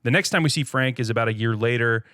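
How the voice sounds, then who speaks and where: A man in a casual movie-review chat walks through a film's scenes with animated storytelling. His voice sits at a middle pitch and is recorded close on a dry mic, and he breaks into laughter often. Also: fast talker, no room sound. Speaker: podcast co-host.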